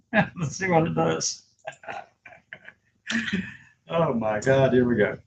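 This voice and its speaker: A man hosting a casual video, laughing often and slowly dictating his words as he types. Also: a little high, expressive, gravelly, highs cut off, noisy background. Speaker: video host. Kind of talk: casual chat while typing.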